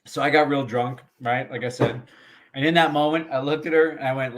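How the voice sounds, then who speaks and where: A man's voice: mid-range voice, steady tone, fairly quick, fairly bright tone. A man, a comedian guest on a podcast interview, telling a long profane anecdote with frequent laughs.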